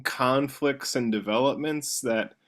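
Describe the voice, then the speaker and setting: A man's voice: mid-range voice, slow, fairly bright tone. A man talking casually about a novel, rambling with many fillers and restarts. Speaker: book discussion participant. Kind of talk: casual chat.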